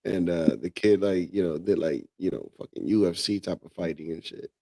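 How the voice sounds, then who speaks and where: A man's voice: sits low, normal speed, gravelly, warm tone. A man co-hosting a casual group chat, speaking in loose, profane slang. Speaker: podcast co-host.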